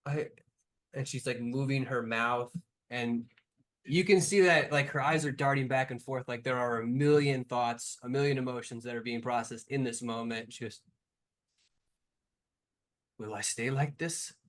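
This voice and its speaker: A man's voice: mid-range voice, fairly even intonation, normal speed. A man running a tabletop game as game master, narrating loosely with lots of fillers.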